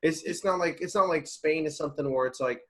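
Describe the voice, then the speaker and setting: A man's voice: on the high side, a little fast, a bit bright. A man co-hosting a podcast, talking casually and making emphatic, run-on points. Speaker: podcast co-host.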